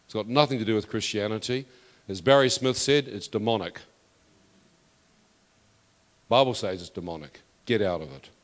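A man preaching a testimony sermon, emphatic and building to loud declarations. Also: on the low side, moderate pace, long pauses. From New Zealand. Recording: long reverb of a hall.

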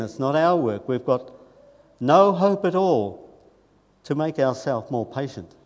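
Earnest man preaching in a reverberant hall. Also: mid-range voice. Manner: earnest, conversational, with soft asides and emphatic lines. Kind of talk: sermon.

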